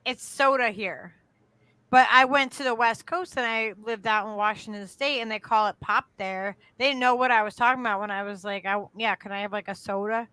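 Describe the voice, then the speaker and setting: A woman co-hosting a podcast, chatting fast and loose, swearing and laughing easily. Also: a little high, sharp tone, smooth, no echo. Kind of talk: casual chat.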